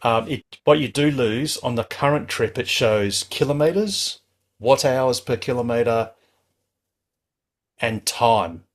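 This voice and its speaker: A man's voice: medium pitch, slow. A man hosting a club call-in show, giving casual, reassuring advice in a chatty way with frequent restarts. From Australia. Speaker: club host.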